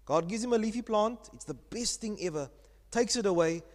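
High voiced male pastor preaching, tells stories, keeps asking the church questions, big hall echo. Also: fairly quick. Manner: animated storytelling, asks the congregation questions. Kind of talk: sermon.

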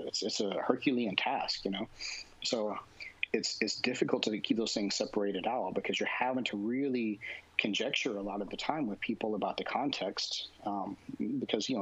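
A man's voice: fairly low pitch, a bit bright, husky, highs cut off. A man, a jiu-jitsu instructor, answering interview questions casually and rambling with lots of fillers and restarts.

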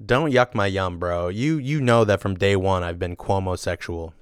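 A slightly drunk man rambles through a loose podcast chat, swearing and joking as he goes. His voice sits low and comes across smooth and resonant. The recording is dry and close. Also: moderate pace, no echo. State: a little drunk. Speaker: podcast co-host. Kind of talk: casual chat.

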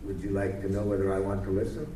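A man's voice: sits low, level tone. Playful man teaching in an echoey room. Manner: playful, deliberate, coaxing. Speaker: workshop leader. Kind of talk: live workshop teaching. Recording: echoey room from far off, faint noise.

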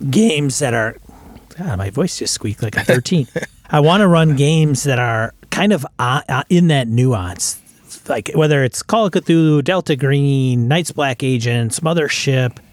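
A man's voice: medium pitch, a little slow, no echo. A man chatting casually about the tabletop games he wants to run, thoughtful and rambling, with frequent restarts. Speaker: podcast co-host, game master.

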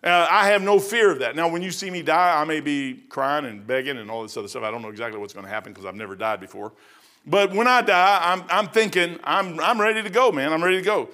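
Middle-aged male pastor, folksy rambling preacher, high-pitched, sings bits of hymns. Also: expressive, fast talker, bright, forceful tone. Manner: folksy, rambling, says "man" a lot, half-sings hymn lines. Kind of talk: verse-by-verse sermon.

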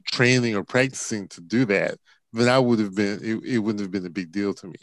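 A man in a casual movie review chat who talks haltingly and restarts his sentences often. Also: on the low side, no echo.

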